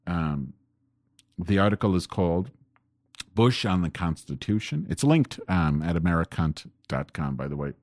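A man's voice: low voice, lively intonation, moderate pace, darkish tone, no echo, studio quality. A man hosting a home-recorded podcast, talking in a rambling, profane political rant that grows angry. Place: home desk. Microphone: desk microphone pointed at keyboard.

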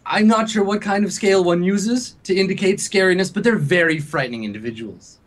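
A man's voice: sits high, a little fast, pitched above the performer's own voice, lightly acted. A man putting on a pushy showbiz hustler. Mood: wheedling. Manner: wheedling, pressuring, then bursts of yelling. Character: pushy smooth-talking male showbiz hustler.

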